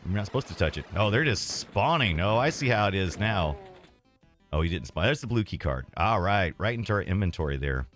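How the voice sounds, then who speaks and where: A man's voice: deep voice, big pitch swings, a little fast, a bit bright, soft background music. A man streaming retro games, rambling casually and self-deprecatingly as he reads and answers his chat.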